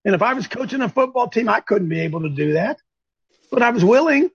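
Fervent raspy-voiced man preaching on air. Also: very high-pitched, lively intonation, fast talker, dry recording, lo-fi sound. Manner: fervent, preachy, bursts into shouts. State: clearing throat, coughing. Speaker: host. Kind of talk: call-in preaching talk.

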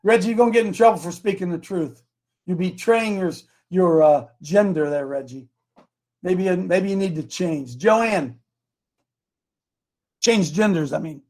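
A man's voice: high-pitched, a little slow, long pauses, a little mellow. An older man hosting a talk show, speaking in an emphatic, fired-up, preachy way.

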